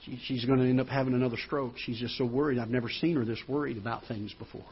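A man preaching a sermon as pastor, moving from hushed storytelling to loud, rising preaching. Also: medium pitch, fairly even intonation, fast talker, slight background noise. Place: church auditorium. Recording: dull lo-fi church broadcast.

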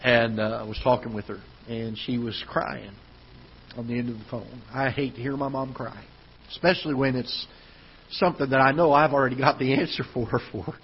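A man's voice: medium pitch, fairly even intonation, a little fast, dull audio, a little hiss or hum. A man preaching a sermon as pastor, telling a story that builds into emphatic preaching. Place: church auditorium.

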